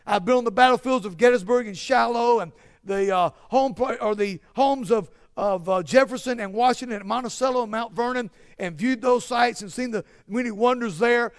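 A man preaching a sermon, with many restarts and a repeated cadence that climbs to shouted emphasis. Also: extremely high pitch, normal speed, clear, resonant tone. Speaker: pastor.

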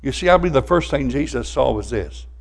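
An older man preaching a sermon as pastor, fervent, swelling louder and repeating words as he presses a point. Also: mid-range voice, expressive, brisk, vocal fry.

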